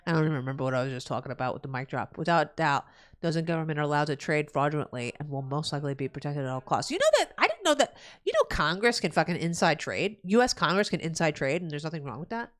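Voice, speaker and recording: A young woman from New Jersey talks to her live-stream chat in a loose, profane rant. Her voice swoops high and low with lively, animated pitch. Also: fast. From New Jersey, USA. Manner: profane ranting, loud swings in pitch. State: pregnant.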